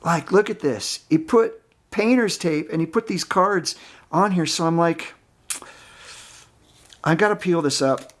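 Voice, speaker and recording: Guy rambling on about his cards, chatty, kinda high voice, laughs a lot. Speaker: baseball card collector vlogger. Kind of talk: casual chat.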